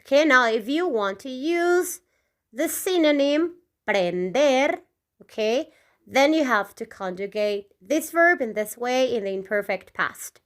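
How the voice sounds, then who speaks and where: A woman with a slightly raised voice teaches Spanish at an unhurried pace. She pronounces each conjugation clearly, then repeats it. She checks in with "okay?" after nearly every point. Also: high voice, animated. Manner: repeats each word twice, frequent "okay?" check-ins. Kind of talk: slow, repetitive language lesson.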